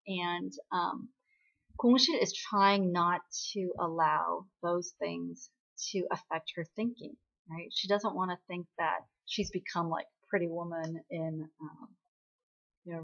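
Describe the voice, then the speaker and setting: A woman's voice: fairly low pitch, a bit bright. A woman casually recapping a drama episode in a chatty way, often checking in with "right?". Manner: chatty, ends points with "right?". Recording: dull lo-fi recording.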